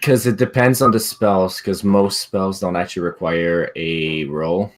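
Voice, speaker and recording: Man, game master, relaxed, very deep voice. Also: unhurried. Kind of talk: narrating a tabletop game.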